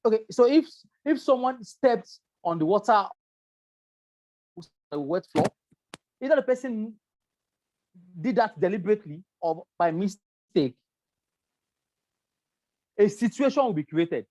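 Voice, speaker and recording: A woman's voice: mid-range voice, lively intonation, a little slow, long pauses, dark tone, no room sound. A woman with a Nigerian English accent giving a workplace safety lecture, explaining step by step and checking in with her listeners. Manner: repetitive, explanatory, asks "right?" often. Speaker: safety trainer. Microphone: presentation with slides.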